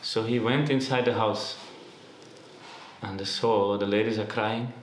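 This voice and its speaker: A man giving a devotional lecture and telling stories, in unhurried non-native English with halting restarts. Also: lowish voice, fairly even intonation, roomy sound, slight background noise. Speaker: spiritual teacher.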